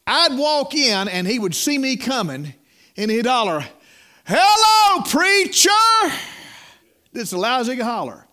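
A man's voice: extremely high pitch, expressive, normal speed, bright, forceful tone. Folksy preacher man. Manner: folksy storytelling preacher, repeats words, calls listeners "my friend". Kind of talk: sermon.

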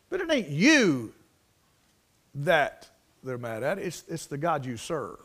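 Preacher, male, high-pitched, homespun storytelling sermon with loud emphatic peaks. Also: expressive, normal speed. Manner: folksy preaching with anecdotes and repetition; rises to emphatic, loud bursts.

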